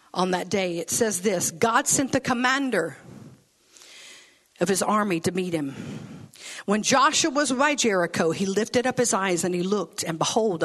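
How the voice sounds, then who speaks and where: A woman's voice: a little high, a bit bright. A woman preaching a sermon with folksy phrasing and laughing asides.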